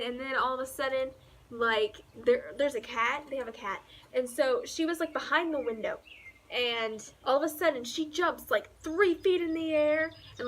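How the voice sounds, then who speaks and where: A woman's voice: high voice, slight background noise. A young woman chatting casually on her porch as a book vlogger, telling dramatic, giggly stories. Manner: animated storyteller, giggly and dramatic. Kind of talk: casual rambling chat. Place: outdoor porch.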